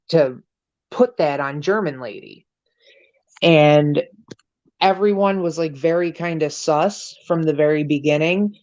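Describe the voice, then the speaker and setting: A woman's voice: deep voice, a little mellow, dull audio. A young adult woman co-hosting a casual chat podcast, talking bluntly and swearing freely. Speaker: podcast co-host.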